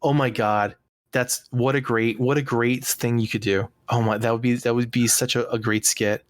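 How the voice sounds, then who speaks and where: A man's voice: medium pitch, fairly even intonation, normal speed, dry recording. A man co-hosting a comedy podcast who trades in wry, absurd jokes, delivered in a mid-range voice. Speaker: podcast co-host. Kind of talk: casual comedy podcast chat.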